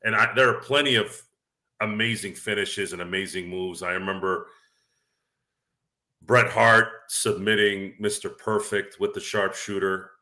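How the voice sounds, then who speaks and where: A man's voice: on the low side, steady tone, a little slow, bright, forceful tone. A man co-hosting a casual sports talk podcast, rambling and self-deprecating, laughing often as he talks. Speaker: podcast co-host.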